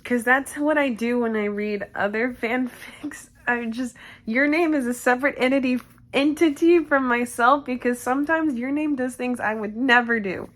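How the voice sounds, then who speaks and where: A woman's voice: on the high side, moderate pace, fairly bright tone. A woman creator chatting casually with viewers and reading fanfiction aloud, giggly and self-conscious, with lots of asides.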